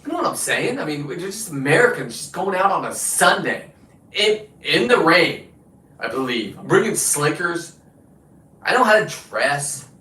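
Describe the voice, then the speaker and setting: A man's voice: a little high, big pitch swings, normal speed, bright, forceful tone. A man hosting his own show, delivering a combative, boastful, profane rant. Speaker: show host. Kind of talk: profane ranting monologue. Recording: roomy, distant from the mic.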